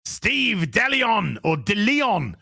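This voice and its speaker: Lively, bright-voiced streamer. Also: male voice, high voice, vocal fry, breathy edge. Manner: animated and sweary, with quick asides. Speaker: streamer host. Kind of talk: livestream chat, reading out superchats.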